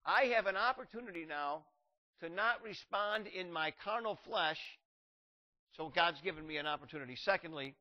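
Male pastor, sermon delivery, reads scripture, builds to emphatic peaks, dull recording. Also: normal speed. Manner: rises in pitch and volume to drive points home; reads scripture aloud in King James wording. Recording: muffled lo-fi recording.

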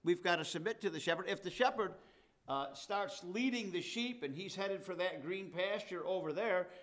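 A man's voice: high-pitched, moderate pace, a bit bright. A man, the pastor, preaching a sermon in a conversational way and reading scripture with rising emphasis.

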